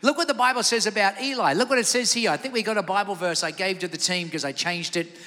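Bright-voiced high male preacher in a hall. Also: fast. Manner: energetic preaching with call-and-response to the congregation. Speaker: pastor. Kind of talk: sermon.

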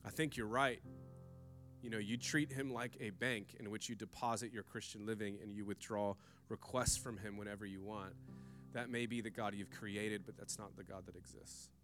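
A pastor preaching a sermon, swinging between loud emphasis and hushed, intimate lines. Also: male voice, on the low side, fairly even intonation, moderate pace. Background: soft guitar from the band.

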